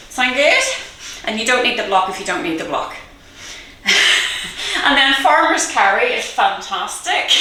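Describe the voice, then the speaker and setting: A woman fitness instructor coaching a workout, slightly high and bright in tone, speaking at an unhurried pace. She cheers people on, counts down reps and laughs easily. Her voice rings around a very echoey room, picked up from a distance. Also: slight background noise. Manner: encouraging, counts reps aloud, laughs often. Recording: very echoey room, mic far off.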